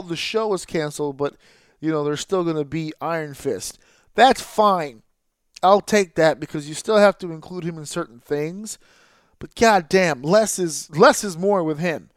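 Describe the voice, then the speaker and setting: A man hosting a podcast, ranting with exasperation and heavy swearing, now and then mimicking others in a flat, deflated tone. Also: sits high, no echo, clean studio sound. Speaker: podcast host. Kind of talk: profane ranting podcast monologue.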